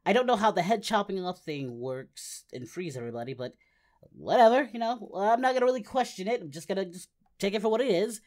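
A woman voicing a brash, excitable adult male martial artist hero, giving in-character reaction commentary and yelping at the screen. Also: mid-range voice, a little fast, close to an everyday voice. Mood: musing. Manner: excitable, yelps and shouts at the screen. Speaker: reaction video host.

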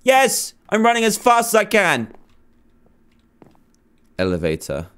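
A man's voice: sits high, expressive, moderate pace, a bit bright, smooth. Jumpy man playing a horror game. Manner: nervous, jumpy reactions and pleading. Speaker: gamer. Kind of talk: horror game let's play commentary.

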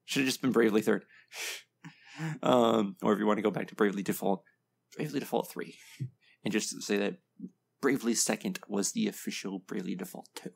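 A man's voice: on the low side, fairly quick, gravelly, slightly rough. A man hosting a casual reaction video, giving blunt, opinionated commentary full of ums and short laughs. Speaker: video game reaction host.

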